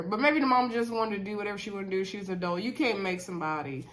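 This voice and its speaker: A woman's voice: mid-range voice, rapid-fire, hardly any pauses. A woman vlogger, recapping a reality show in an opinionated, chatty way with many fillers and asides. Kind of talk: casual recap chat.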